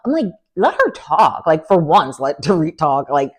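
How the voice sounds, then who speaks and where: Woman, young adult, sassy, animated, slightly low voice, reality TV recap. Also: normal speed, breathy edge. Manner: animated, sassy, lots of "like" and "girl". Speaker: recap vlogger.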